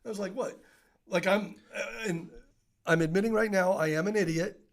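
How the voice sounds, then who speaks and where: A middle-aged man telling stories as an interview guest, animated and laughing often, full of fillers and restarts. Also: sits high, moderate pace. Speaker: podcast guest, author. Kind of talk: casual interview storytelling.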